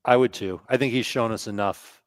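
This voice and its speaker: A man chatting as an analyst on a casual podcast panel, with lively quick asides. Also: mid-range voice, dry recording.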